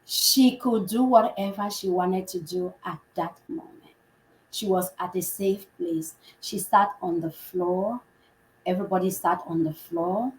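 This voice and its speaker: A healthcare provider, a woman, telling a story with real animation. She slips into the voices of the people in her tale, and the room adds a noticeable echo around her middle-pitched voice. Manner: animated, acts out quoted dialogue. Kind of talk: conversational storytelling. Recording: roomy echo.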